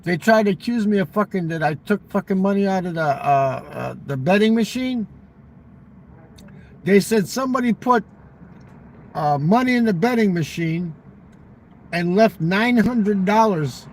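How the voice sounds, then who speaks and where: A man's voice: high voice, expressive, unhurried, pauses often, slight background noise, rough recording. A man telling a long, profane casino story in casual talk, acting out the exchanges he quotes.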